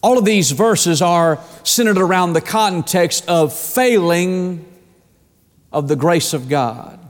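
A man preaching a sermon as pastor, drawing out key words slowly and repeating himself for emphasis. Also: high voice, big-room sound. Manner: preaching with dramatic slow emphasis and repetitions.

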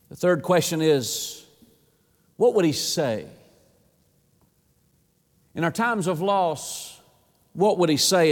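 A man preaching a sermon, impassioned, often repeating words and swinging between hushed and rising delivery. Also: on the high side, long reverb tail.

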